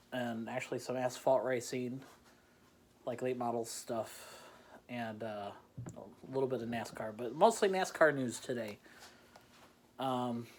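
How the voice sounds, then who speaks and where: A man's voice: medium pitch, slight background noise. A man hosting a casual beer-tasting chat from home. He rambles, pokes fun at himself and laughs often. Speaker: host. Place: home in the Chicagoland area.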